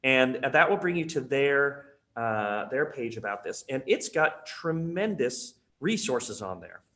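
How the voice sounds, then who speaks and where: A man's voice: medium pitch, very animated, a little slow, sharp tone. A man presenting a conference webinar in a casual, chatty way with many fillers.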